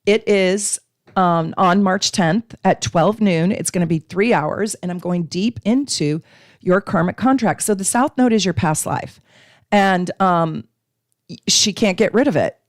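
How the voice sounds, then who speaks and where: A woman's voice: fairly low pitch, unhurried, dry recording, studio quality. A woman hosting a live astrology stream, teaching casually and chatting with viewers, with frequent ums.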